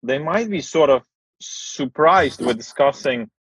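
A man from post-Soviet Europe, hosting a casual podcast chat in a blunt, relaxed way and swearing freely. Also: mid-range voice, unhurried, slightly rough, no echo. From post-Soviet Eastern Europe. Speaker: podcast host. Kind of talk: casual conversation. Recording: slightly dull, dry sound.

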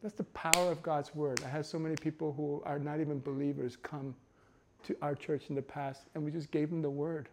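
A male pastor in his young adult years delivers a sermon built on personal stories. His voice sits a little high for a man and moves between soft, hushed stretches and loud, emphatic bursts. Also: flat delivery, fairly quick, a little hiss or hum.

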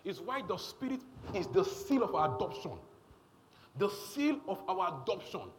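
A man's voice: high-pitched, very animated, moderate pace, slight background noise. A man preaching a sermon, emphatic and repetitive, often checking in with the congregation.

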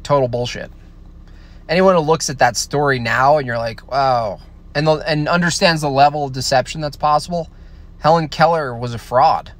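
A man's voice: a little high, normal speed. Blunt, opinionated man answering questions. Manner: blunt, opinionated, with frequent restarts. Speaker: content creator answering viewer questions. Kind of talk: casual stream Q&A.

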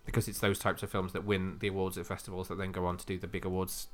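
A man's voice: low voice, little pitch movement, fast talker, fairly bright tone, soft background music. Chatty, teasing male podcast co-host. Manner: chatty and teasing, lots of laughter. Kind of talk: casual podcast chat.

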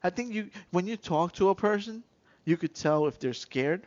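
A man hosting a casual podcast, telling animated street stories and acting out voices. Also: sits high, normal speed, highs cut off. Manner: animated storyteller who acts out voices and shouts. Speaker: podcast host.

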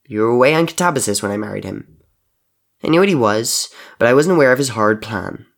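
A man's voice: lively intonation, fairly quick, gravelly. A man voicing a large cowardly man who whines and screeches in a raised, panicky voice. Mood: confessing. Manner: whiny, high and panicky.

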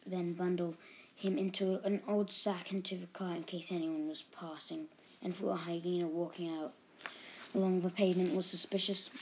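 A woman reading a children's book aloud in a steady, expressive storytelling manner. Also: fairly low pitch, a little hiss or hum. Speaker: reader.

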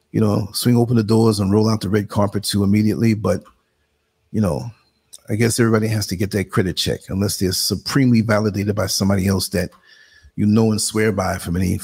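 Gravelly New York man hosting a live stream. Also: lowish voice, a little mellow. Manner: conversational, muttering asides while working the computer. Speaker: live show host. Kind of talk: casual live-stream talk. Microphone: computer streaming setup.

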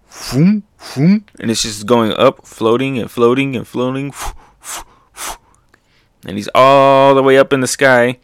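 A man's voice: fairly low pitch, no room sound. A man narrates a comic chapter in a loose, chatty way. He keeps breaking into playful sound effects and laughs. The recording is close and dry, with no room sound. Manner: animated, makes sound effects, laughs often. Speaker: manga reaction host. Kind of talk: casual comic read-through commentary.

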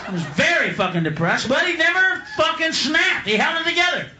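A man doing a live stand-up routine, ranting and swearing, slipping into gruff low voices for his characters. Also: very animated, fairly quick, few pauses. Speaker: stand-up comedian. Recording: echoey live club with crowd noise. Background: audience laughter.

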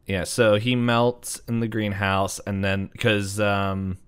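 A man's voice: lowish voice, flat delivery, slow, smooth. A man co-hosting a podcast, chatting casually and rambling a little as he recaps a movie. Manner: rambling, restarts, chuckles. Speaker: podcast co-host.

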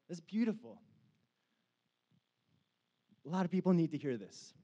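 Lively, conversational male pastor preaching. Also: sits high, normal speed, pauses often. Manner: casual, conversational preaching with many "like" fillers, swelling to fervent. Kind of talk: sermon.

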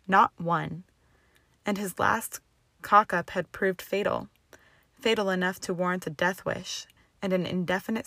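A woman reading fan fiction aloud in steady storytelling narration. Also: lowish voice, no echo. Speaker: audiobook reader. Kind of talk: fanfiction read aloud. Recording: dry close recording.

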